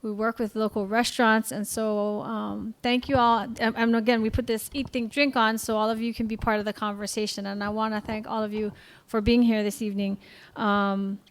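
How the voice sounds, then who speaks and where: A woman moderating a panel, closing with measured thanks and announcements. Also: mid-range voice, level tone. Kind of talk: closing remarks at an event.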